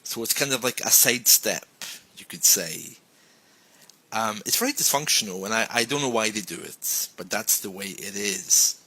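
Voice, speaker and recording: A man's voice: normal speed, breathy edge, rough recording. A man giving a casual lesson, chatting and acting out sample phrases. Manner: chatty, acts out sample phrases with lively pitch jumps. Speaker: English teacher.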